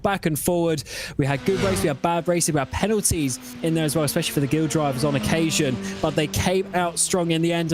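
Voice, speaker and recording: A man with a somewhat high voice adds co-commentary to a live sim race. He sums things up briskly and with enthusiasm. Faint music plays behind him.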